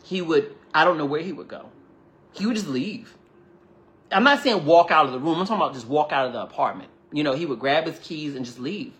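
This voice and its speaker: A man hosting a livestream, telling a personal story to viewers in a chatty, animated way, often acting out quoted dialogue and thanking people between lines. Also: on the high side, a little fast. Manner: chatty and animated, full of "like" and "you know". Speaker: livestream host. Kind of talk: casual storytelling to a live audience.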